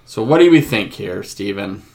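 A man co-hosting a casual podcast, animated and joking, reading out news items. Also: fairly low pitch, vocal fry. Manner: animated, quick to joke, reads news items aloud. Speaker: podcast co-host.

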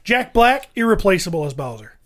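A man's voice: sits high, sing-song, fairly quick, fairly bright tone. A man co-hosting a casual movie review chat, rambling and repeating words as he searches for his point. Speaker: podcast co-host.

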